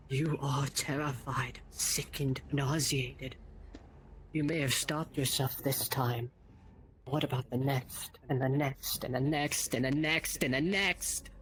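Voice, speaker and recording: A man narrating a roleplay in dramatic second person, slow and breathy, building to intense climaxes. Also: a little high, fairly bright tone, a little hiss or hum. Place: online voice chat.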